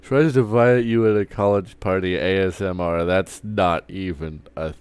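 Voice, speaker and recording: Live on stream, a man rambles through a casual, foul-mouthed rant, stumbling and restarting often. His deep voice is darkish and clean with no echo, with fairly even intonation at a moderate pace.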